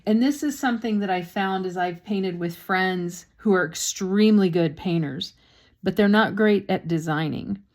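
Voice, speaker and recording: A woman's voice: mid-range voice, moderate pace, hardly any pauses. A woman painting instructor talks casually through a step-by-step demonstration, with chatty, self-deprecating asides and a slightly sore throat.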